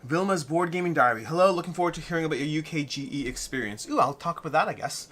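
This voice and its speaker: A man's voice: on the high side, fast, fairly bright tone. A man hosting a weekly live Q&A stream, reading viewer comments and thinking aloud in a rambling way, a little out of breath.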